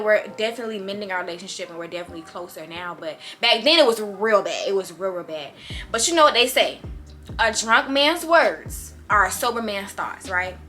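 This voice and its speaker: A young woman vlogger telling a story in a casual, animated, slangy way. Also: on the high side.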